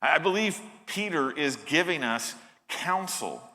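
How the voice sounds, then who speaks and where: A male pastor's slightly high, sing-song voice comes across bright and forceful, a little slow, in a large church sanctuary hall. His sermon is earnest and emphatic, with frequent restarts.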